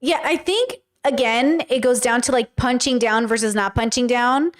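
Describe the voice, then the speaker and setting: A woman's voice: on the high side, normal speed. A woman streamer reacting to videos in casual commentary, incredulous and thinking aloud as she rambles.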